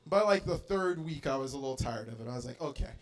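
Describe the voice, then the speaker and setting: A young adult man from Arizona doing an animated stand-up comedy set in a bar, with loud bursts and acted-out voices. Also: medium pitch, fast talker.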